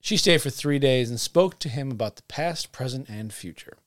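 A man's voice: mid-range voice, expressive, normal speed. A man co-hosting a podcast, telling a folklore story in a joking, profane, playful way. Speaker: podcast co-host. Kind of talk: casual comedic chat.

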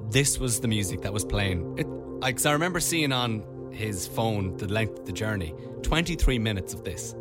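A man, co-hosting a radio show podcast and telling stories in a casual, animated way. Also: fairly low pitch, normal speed, over loud music. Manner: animated storytelling, mimics voices. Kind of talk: casual chat.

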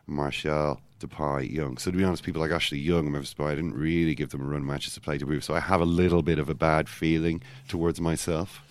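A man co-hosting a casual football podcast, talking in rambling, self-interrupting runs with animated asides. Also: very deep voice, fast, hardly any pauses, no room sound. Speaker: podcast co-host.

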